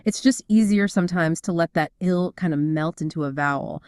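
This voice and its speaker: A woman's voice: lowish voice, fairly quick, darkish tone, clean tone, no echo, studio quality. A woman co-hosting a casual explainer chat, upbeat and explanatory, with frequent fillers. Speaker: co-host.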